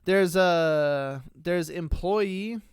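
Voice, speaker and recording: A man's voice: high voice, drawn-out words, clear, resonant tone, no room sound. A man co-hosting a casual streaming podcast, rambling with many fillers and restarts. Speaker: podcast co-host.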